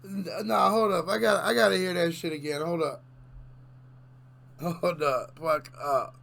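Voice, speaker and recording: A man's voice: on the high side, fairly even intonation, normal speed, creaky, a bit bright, slight background noise. A man hosting a reaction video, talking casually and in disbelief, swearing freely and talking straight to his viewers. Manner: incredulous, swearing, addresses viewers directly.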